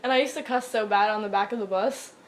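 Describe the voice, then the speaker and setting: A young woman chatting casually, telling animated childhood stories with lots of laughing and some swearing. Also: medium pitch, fast. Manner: animated storytelling, laughing, acts out childhood quotes. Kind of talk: casual chat.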